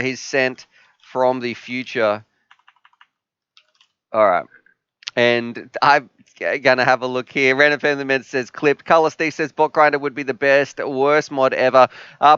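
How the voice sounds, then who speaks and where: Male streamer, joking, rambling with fillers, smooth voice. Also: medium pitch, a bit bright, dry recording, highs cut off. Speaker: live stream host. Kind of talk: casual live stream chat reading viewer comments.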